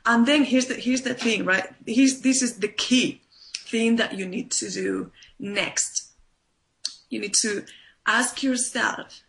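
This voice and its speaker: In a conversational interview, a life coach explains how her approach works, pressing her points emphatically and repeating them with "right?" and "you know." Her voice is fairly high, gravelly and a bit bright, and she speaks slowly.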